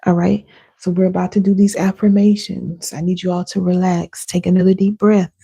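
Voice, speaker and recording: Gravelly, husky-voiced woman coaching on a livestream. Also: on the low side, little pitch movement, warm tone. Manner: guides listeners through slow affirmations and breathing; casual, talks directly to viewers. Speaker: inner healing coach. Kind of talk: live-stream coaching session.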